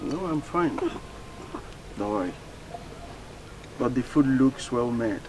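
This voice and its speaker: An actor with a Nigerian English accent playing a young man who apologizes and calms a crying woman. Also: medium pitch, slow pace. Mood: polite. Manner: apologetic, calming.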